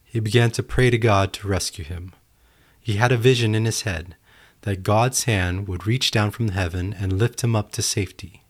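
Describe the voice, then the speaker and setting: On his reflective solo podcast, this man tells a parable earnestly, his voice lowish and his speed normal. He narrates it like a story.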